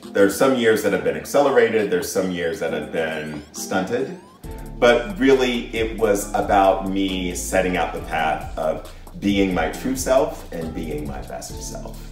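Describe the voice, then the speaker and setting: Deep-voiced middle-aged man, earnest. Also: animated, a little slow, distant mic. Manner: earnest and reflective, with frequent restarts. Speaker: guest, the host's father. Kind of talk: personal story in casual conversation. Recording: echoey room, voice off-mic, faint music behind.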